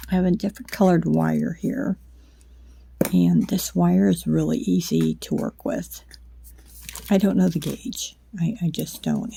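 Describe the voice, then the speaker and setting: A woman hosting a casual craft how-to at home late at night, sleepy, soft and unhurried, often slipping into a whisper as she works. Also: fairly low pitch, vocal fry, a little hiss or hum. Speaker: craft channel host.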